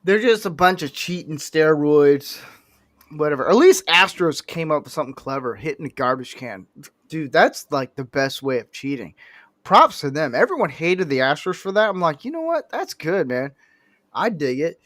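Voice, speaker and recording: On a laid-back sports podcast, a male co-host with a fairly high voice tells stories at a moderate pace, impersonating the people he quotes. The audio is dry and studio quality, and his delivery is lively and theatrical.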